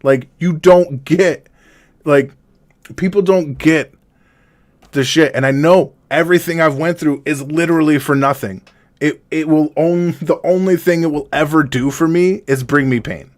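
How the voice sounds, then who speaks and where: A man streaming a raw, confessional monologue, halting and rambling with heavy swearing, emotionally distressed. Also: on the high side.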